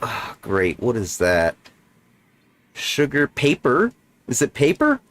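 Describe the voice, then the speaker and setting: Dude streaming a game, joking around, sarcastic, rambly, medium voice on a desk mic. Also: male voice, mid-range voice, wildly swooping pitch, slow pace, fairly bright tone. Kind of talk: casual game commentary.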